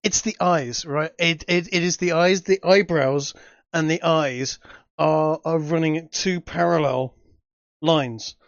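Animated man chatting with a dry sound. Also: a little high, takes it slowly, no echo. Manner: animated, laughs often. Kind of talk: casual chat. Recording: dry, dull lo-fi audio.

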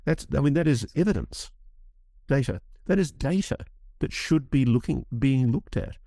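A man's voice: mid-range voice, expressive, moderate pace, gravelly, mellow, no echo, studio quality. A man speaking as a guest in an interview, impassioned and emphatic, often restarting phrases as he builds his point. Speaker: guest commentator. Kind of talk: animated interview talk.

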